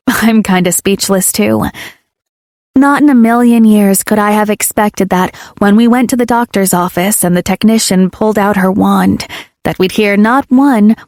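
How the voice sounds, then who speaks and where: Brief: woman audiobook narrator, mid-pitched, intimate delivery, dry close recording. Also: gravelly, darkish tone, no echo. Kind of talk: first-person audiobook narration.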